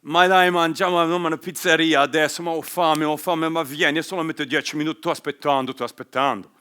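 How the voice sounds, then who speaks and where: A man plays an expressive, hungry man who presses his friends to go eat now. His insistent voice is bright and loud. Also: a little high, fast talker, smooth. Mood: eager.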